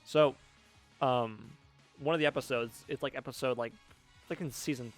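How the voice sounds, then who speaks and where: A man's voice: medium pitch, normal speed, soft background music. A man co-hosting a game let's play, rambling through stories in casual, sweary chat. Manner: rambling storyteller who swears a lot.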